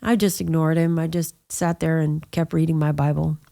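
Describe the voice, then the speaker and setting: Woman, middle-aged, interview guest; flat delivery, casual storytelling full of asides. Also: low voice, normal speed, gravelly. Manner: storytelling, with frequent "you know" asides. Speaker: guest sharing her testimony. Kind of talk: conversational personal testimony.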